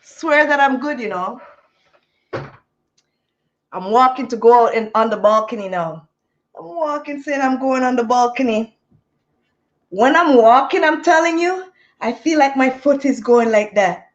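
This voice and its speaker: A woman tells a story in a vlog, slow and unhurried, her voice pitched a little high. She repeats her phrases in an animated way and laughs between them. The recording sounds slightly dull and lo-fi. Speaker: vlogger. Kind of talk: casual storytelling.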